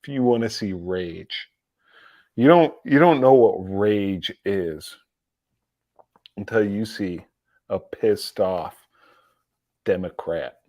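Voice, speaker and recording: A man talking slowly and at length on a live commentary stream, his voice sitting fairly low. He is mocking and sarcastic, laughs often, and trips over and repeats his words. The recording is dry and close. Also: a little mellow, no echo. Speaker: livestream political commentary host.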